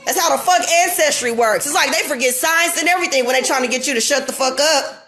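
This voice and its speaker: Woman, 30s, home vlogger: fired-up, profane rant with a high, sharp voice. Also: fast talker. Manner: heated, profane, emphatic. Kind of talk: unscripted rant to camera. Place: home kitchen.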